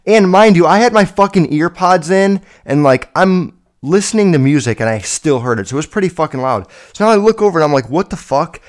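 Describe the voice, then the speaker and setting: A man in his twenties hosting a solo podcast, telling stories in a rambling, profane, animated way. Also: fairly high pitch, brisk, few pauses. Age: 20s. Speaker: podcast host. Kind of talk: casual solo podcast storytelling.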